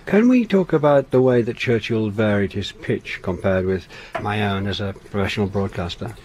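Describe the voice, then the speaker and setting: A man presenting a radio documentary, narrating and interviewing in a measured, clear way. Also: on the low side, expressive, a little mellow.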